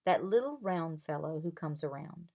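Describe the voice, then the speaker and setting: A woman voicing a gruff, proud king who speaks formally, in a read-aloud storybook. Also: low-pitched, animated, normal speed, warm tone.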